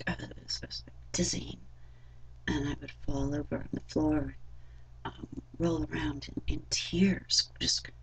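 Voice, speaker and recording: Low, gravelly, breathy-voiced young woman. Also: a little mellow, rough recording. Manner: halting and rambling, full of fillers. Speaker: vlogger. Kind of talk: personal storytelling vlog.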